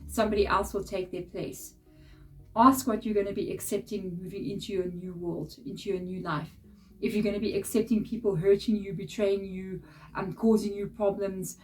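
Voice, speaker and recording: A woman giving a casual, chatty tarot reading straight to her viewers, blunt and direct with frequent laughs. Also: medium pitch. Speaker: tarot reader. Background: soft background music.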